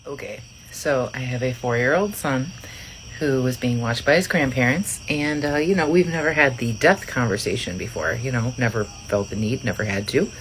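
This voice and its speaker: A woman's voice: a bass voice, normal speed, a little hiss or hum, rough recording. A mother telling a story about her young son, easygoing and matter-of-fact. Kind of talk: casual storytelling to camera.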